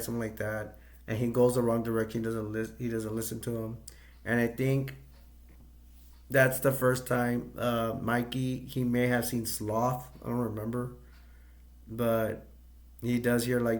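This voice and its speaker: A man casually recapping a movie's plot, rambling and hesitant, with many fillers and self-corrections. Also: mid-range voice. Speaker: movie reviewer.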